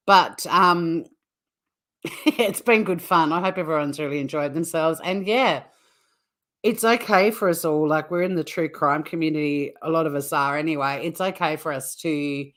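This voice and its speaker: Female streamer, slightly low voice, laughs helplessly between blunt, sweary remarks to her viewers. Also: fairly bright tone. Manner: giggly, breaks into helpless laughter. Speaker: true crime YouTube host. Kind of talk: casual livestream chat.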